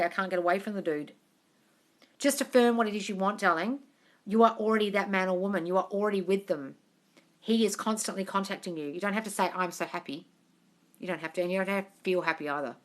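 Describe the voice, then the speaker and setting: A woman's voice: medium pitch, bright, forceful tone. A young woman reading viewer comments aloud and answering them on a live stream. She is frank and chatty, swears freely, and calls her viewers darling. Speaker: manifestation coach answering live questions. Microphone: phone at arm's length.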